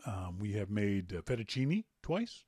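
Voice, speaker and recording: A man hosting a tech podcast in casual chat, animated and rambling, with jokes and repeated words. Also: lowish voice, measured pace, slightly rough, no room sound, clean studio sound. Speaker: podcast host.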